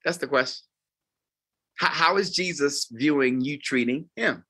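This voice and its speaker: A man in his fifties, a pastor, preaching a closing sermon to volunteers and sweeping from loud highs to quiet lows. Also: measured pace, breathy edge. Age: 50s. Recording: live talk before a group.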